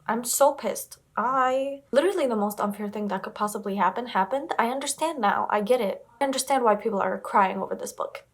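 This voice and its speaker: A woman's voice: fairly high pitch, a little fast, few pauses. Chatty young woman book vlogger. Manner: rambling, emphatic, repeats herself, swears casually. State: upset, close to tears. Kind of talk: casual reading vlog to camera.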